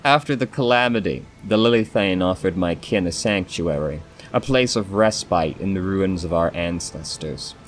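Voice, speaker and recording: Brief: man voicing a solemn female elf in a game let's play, measured and low-pitched. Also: faint music behind, close to an everyday voice. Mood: stern. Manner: solemn, measured reading with stumbles on names. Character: grave, sorrowful female elf of an ancient dying race. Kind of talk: reading game dialogue aloud.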